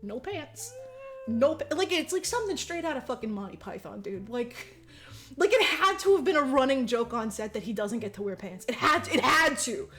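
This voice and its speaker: A woman's voice: high-pitched, big pitch swings, moderate pace, fairly bright tone, faint music behind. A woman co-hosting a podcast, recapping a movie in casual chat, giggling, swearing freely and acting out the characters' lines. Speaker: podcast co-host.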